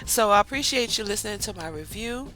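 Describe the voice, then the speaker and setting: A woman reviewing a reality TV show in a casual, chatty way. She tells the story with animated asides and acts out what people said. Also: mid-range voice, brisk, low-quality recording. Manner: drawling colloquial speech, calls the viewer 'child'. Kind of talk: casual recap vlog.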